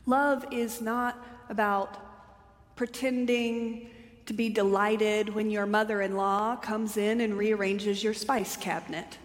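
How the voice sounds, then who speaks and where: A woman preaching a sermon in a church, speaking deliberately and asking a run of rhetorical questions. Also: medium pitch, level tone. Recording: long hall reverb.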